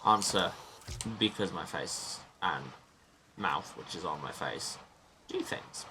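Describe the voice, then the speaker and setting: A man's voice: low-pitched, slow pace, background noise. A man hosting a let's play, giving chatty, self-mocking gaming commentary from a small sealed room and muttering to himself as he plays.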